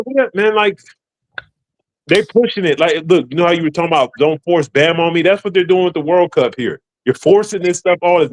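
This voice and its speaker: A man chatting casually as co-host, rambling along in laid-back slang. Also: fairly high pitch. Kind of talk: casual chat.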